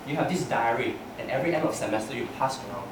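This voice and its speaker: A man's voice: medium pitch, expressive, quick pace. A young man giving a humorous prepared speech at a club meeting, telling stories about himself and laughing through his lines. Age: young adult. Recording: echoey room from far off, noisy.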